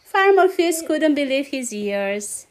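A woman reading a children's story aloud, lively and animated, giggling now and then. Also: high voice, slow pace.

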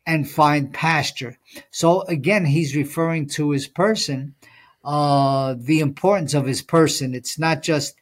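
He's a man with a rather high voice who never rushes. As co-host of a Bible study podcast, he chats casually and thoughtfully, leaning on fillers and stopping to read scripture aloud.

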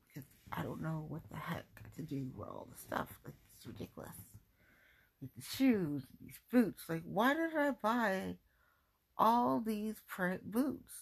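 In a fairly low, slightly rough voice, a Cincinnati-area woman chats through a rambling home vlog while sorting her belongings. She's self-mocking and keeps firing exasperated rhetorical questions.

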